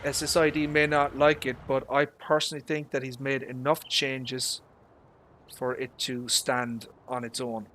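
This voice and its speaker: A man's voice: mid-range voice, level tone, measured pace, fairly bright tone. Irish man rambling over gameplay noise. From Ireland. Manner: casual, rambling, opinionated, swears at the game. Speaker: livestreamer. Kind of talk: live gameplay commentary.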